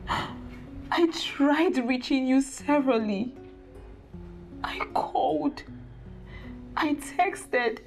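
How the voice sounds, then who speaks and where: A woman plays a young Nigerian woman with a high voice, earnest and pleading as she explains herself. Faint film music runs behind her Nigerian-accented lines. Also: drawn-out words, long pauses, exaggerated voice. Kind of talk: Nollywood film drama.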